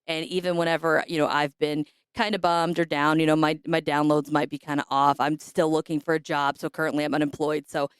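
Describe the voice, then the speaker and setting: A woman hosting a podcast who is hoarse and raspy, chatting casually and rambling with fillers. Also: low-pitched, flat delivery, brisk, few pauses, no room sound, clean studio sound. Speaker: podcast host.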